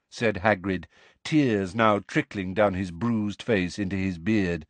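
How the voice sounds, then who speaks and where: Expressive male audiobook narrator. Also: low voice, unhurried, no room sound. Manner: expressive storytelling. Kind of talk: scripted narration.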